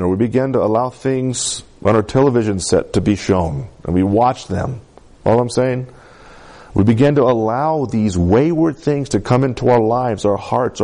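A male preacher delivers a conversational sermon and often asks the congregation to respond. His voice is warm and mellow, and his pitch swings widely.

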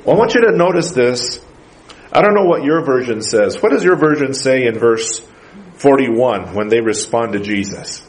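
A man's voice: medium pitch, expressive, moderate pace, poor audio. A man preaching a sermon as pastor in a church, building to emphatic bursts and putting questions to the congregation.

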